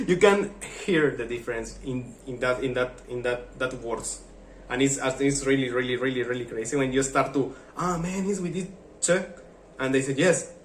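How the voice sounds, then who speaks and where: An echoey room with slight background noise frames this casual vlog chat. The man, from Mexico, speaks Spanish with a Mexican accent in a mid-range voice and animatedly acts out funny little exchanges.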